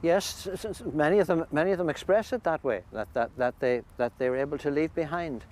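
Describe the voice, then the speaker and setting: A man, a priest, describing a pilgrimage in a thoughtful, halting way with many restarts, recorded outdoors by a lake. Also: on the high side, darkish tone. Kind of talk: conversational interview. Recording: faint outdoor background noise.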